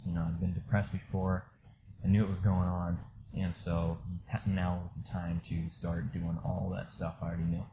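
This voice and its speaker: Deep-voiced man telling a candid story. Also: monotone, normal speed, noisy background. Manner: candid, rambling, many fillers, drops soft when reliving low moments. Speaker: storyteller sharing a personal experience. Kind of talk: casual personal storytelling.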